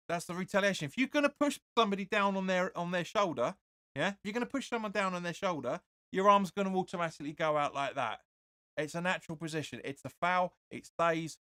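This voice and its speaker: Opinionated fan calling a match live. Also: male voice, a little high, no room sound, studio quality. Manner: excitable, opinionated, keeps saying "sorry, but no". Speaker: fan watch-along host. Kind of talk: live match commentary with chat reading.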